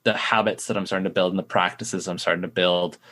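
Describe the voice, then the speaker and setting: Young male founder in recovery, candid and rambling, fillers throughout, fairly low voice. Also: steady tone, fast, bright, forceful tone. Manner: rambling, heavy use of "like" fillers. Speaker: startup founder in addiction recovery. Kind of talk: candid interview answers.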